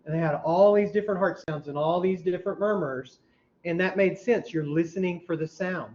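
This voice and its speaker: A man teaching a class, quizzing students and mimicking heart sounds out loud, heard in a dull, lo-fi classroom recording. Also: high-pitched, a little fast. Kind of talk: classroom lecture. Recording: dull lo-fi recording with faint hum.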